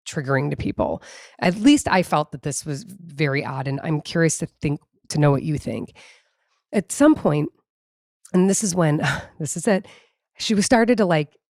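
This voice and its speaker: A woman co-hosting a podcast, telling a story in a dramatic, profane, animated way. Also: fairly low pitch, dry recording, clean studio sound. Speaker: podcast co-host. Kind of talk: casual storytelling chat.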